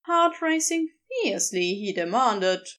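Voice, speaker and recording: A woman narrating fan fiction aloud with expressive storytelling. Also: medium pitch, measured pace.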